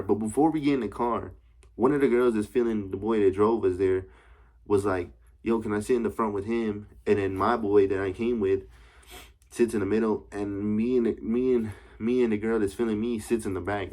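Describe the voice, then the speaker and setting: A man's voice: fairly low pitch, darkish tone. A young man telling a casual story time to camera, rambling and slangy with frequent swearing and constant check-ins with his listeners. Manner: slangy, rambling, profane, keeps asking "you know what I'm saying". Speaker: vlogger.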